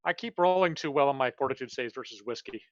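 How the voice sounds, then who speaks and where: A man's voice: medium pitch, fast, lo-fi sound, noisy background. A man playing a tabletop game, delivering dry jokes. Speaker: player.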